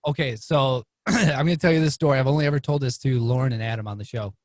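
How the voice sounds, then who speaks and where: A male podcast guest tells a story casually and fast, with no echo on the recording. He's animated, acting out the quoted lines as his voice jumps up in pitch.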